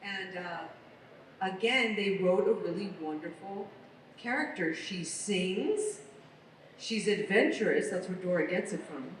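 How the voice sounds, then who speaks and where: A woman's voice: mid-range voice, a little slow, slight background noise. An American woman, a voice actress, chatting casually as a guest on a convention panel. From United States. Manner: chatty, animated storyteller. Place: large convention hall. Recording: echoey hall recorded from far off.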